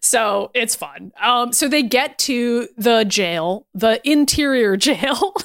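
A woman's voice: a little high, lively intonation, takes it slowly, gravelly, no echo, clean studio sound. A woman co-hosting a casual podcast, recapping a cartoon and laughing often as she quotes characters. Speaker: podcast co-host.

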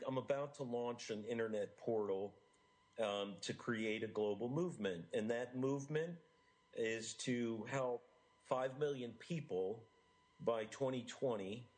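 Man, middle-aged, from the US, interview guest, earnest, animated, stumbling restarts, mid-pitched voice. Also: low-quality recording. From United States. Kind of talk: enthusiastic interview talk.

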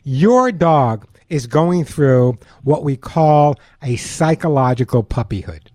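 A man from Long Island hosts a call-in radio show about pets. He talks in a chatty, joking way, and his voice sits a little high. The studio sound is dry and close. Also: animated, takes it slowly, warm tone, no echo. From Long Island, New York. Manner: jokey, chatty, repeats the phone number. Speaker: radio pet show host. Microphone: studio microphone.

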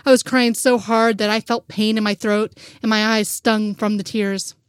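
A woman's voice: mid-range voice, little pitch movement, moderate pace, clear, resonant tone, no echo, studio quality. A woman reading a fanfic aloud in first-person narration, with an earnest, emotional delivery.

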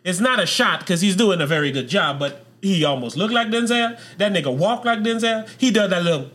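Man, podcast co-host, casual banter, high voice with lively swings. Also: fairly quick. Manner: animated, loose, laughing, jumps into impressions. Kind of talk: casual chat.

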